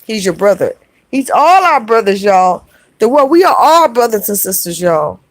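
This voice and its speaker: Addressing her live chat with feeling, this middle-aged vlogger uses a medium-pitched, sing-song voice at a moderate pace. She says "y'all" to her viewers and repeats things to drive them home. There's no echo.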